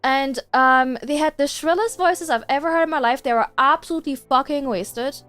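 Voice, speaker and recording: A woman streamer telling a story in casual chat while gaming, animated and exasperated, swearing freely. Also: sits high, moderate pace, soft background music.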